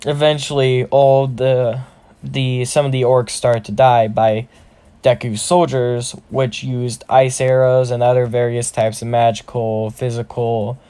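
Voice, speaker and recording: A man tells a fan-fiction story in a casual, rambling way. He often stops to correct himself mid-sentence. His voice sits at an ordinary middle pitch. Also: flat delivery, a little slow, mellow, clean tone.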